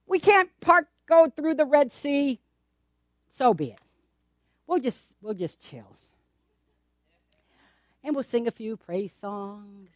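A woman pastor preaching a sermon in a church, animated and acting out the voices of the people in her story, laughing often. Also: high-pitched, slow, pauses often, dry recording, clean studio sound.

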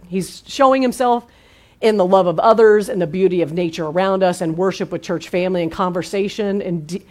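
A woman pastor giving a conversational sermon, lively and full of questions to the congregation. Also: medium pitch. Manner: lively, asks the audience questions.

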